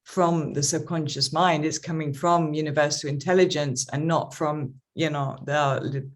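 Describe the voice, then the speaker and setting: A woman's voice: deep voice, fairly even intonation. A woman life coach speaking reflectively in an interview conversation. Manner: slow, reflective, talks of spirituality.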